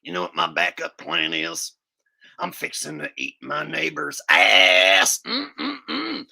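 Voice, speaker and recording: A raspy bellowing conspiracy host. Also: male voice, a little high, wildly swooping pitch, takes it slowly, heavily acted. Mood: ranting. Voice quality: gravelly, shouting, sobbing. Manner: bellowing, exaggerated fake crying. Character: ranting loud male conspiracy show host, crying. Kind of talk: comedic impression.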